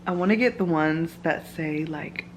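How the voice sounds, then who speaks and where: A woman's voice: deep voice, moderate pace, slight background noise. A young woman vlogging at home, telling a personal story in casual chat full of "like" fillers. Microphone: camera mic, filming herself.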